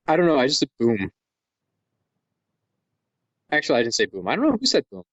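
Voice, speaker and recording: A man from Wisconsin co-hosting a podcast in casual comedic chat, rambling and breaking into excited shouts. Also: mid-range voice, a little fast, no room sound, highs cut off. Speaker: podcast co-host.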